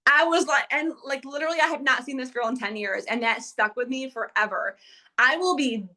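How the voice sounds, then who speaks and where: Bright, energetic woman coaching a team. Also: sits high. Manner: energetic, fast, chatty, with many fillers. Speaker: network marketing team trainer. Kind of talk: live motivational training talk.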